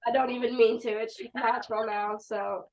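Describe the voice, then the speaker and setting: A woman's voice: on the high side, flat delivery, moderate pace, far from the mic. Easygoing young woman. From United States. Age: young adult. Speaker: college basketball player. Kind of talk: casual interview chat. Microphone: video call.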